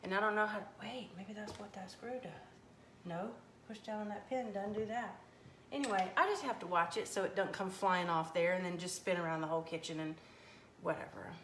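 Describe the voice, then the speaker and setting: A folksy woman chats away as she cooks live in her home kitchen and answers viewers. Her voice sits at an ordinary middle pitch. The kitchen rings with echo, with a faint hum of noise behind her. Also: brisk. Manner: chatty, folksy, animated. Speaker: cooking livestream host. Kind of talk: casual live cooking chat, reading viewer comments.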